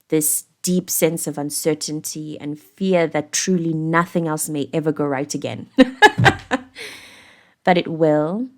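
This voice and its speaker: A woman's voice: low voice, a little mellow. A woman with a South African accent giving a casual, rambling tarot reading, speaking candidly and swearing now and then. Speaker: tarot reader.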